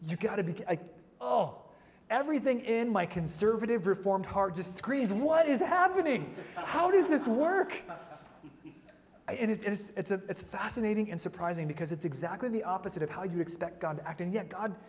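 A man preaching a sermon in a lively way, with humorous asides and frequent restarts. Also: high voice, fairly quick, in a large hall, a little hiss or hum.

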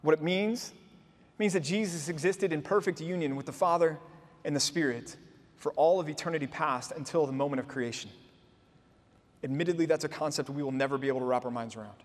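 A pastor with a notably high voice preaches to his congregation. He explains the scripture earnestly and keeps stopping to put rhetorical questions to his listeners. His voice carries through the long reverb of a church hall. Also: a little fast. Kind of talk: sermon.

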